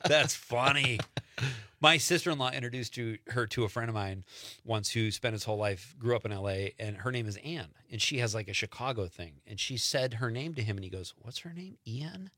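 Easygoing Midwestern podcast host. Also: male voice, mid-range voice, brisk, pushed and bright, no echo, clean studio sound. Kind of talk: casual interview.

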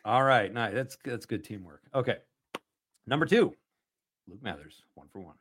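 Upbeat man hosting a quiz. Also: medium pitch. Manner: upbeat, laughs often, reads quiz questions with emphasis. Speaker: radio show host. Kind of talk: casual chat and quiz hosting.

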